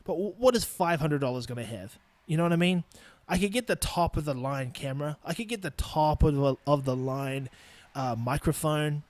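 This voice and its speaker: Kiwi dude in his 20s ranting on his podcast, swears a lot, kinda high voice, dead dry sound. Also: moderate pace, no echo. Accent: New Zealand. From New Zealand. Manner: profane, blunt and ranting. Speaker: podcast host. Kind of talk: solo podcast rant. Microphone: studio microphone.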